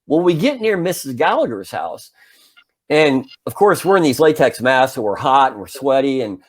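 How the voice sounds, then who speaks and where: A man's voice: medium pitch, moderate pace. A man in his forties, a podcast co-host, casually telling a story and acting out the parts as he goes. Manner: animated storyteller, acts out his own yelling.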